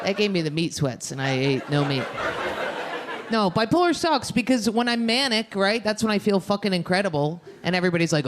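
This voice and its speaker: A young woman with an expressive, medium-pitched voice talks a little fast during a brash, crude stand-up set, doing crowd work from a club stage. The live club recording is noisy, with audience laughter behind her.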